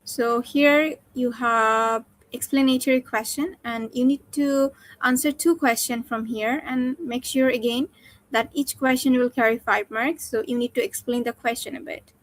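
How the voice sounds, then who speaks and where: A woman teacher giving instructions and questions in an oral exam, clear and guiding. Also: a little high, steady tone, moderate pace. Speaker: teacher examining a student.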